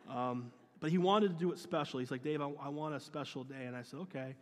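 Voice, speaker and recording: Man, youth pastor preaching, earnest, slightly higher voice, long hall reverb. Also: fast talker. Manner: earnest, with many restarts and quoted dialogue. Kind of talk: storytelling sermon.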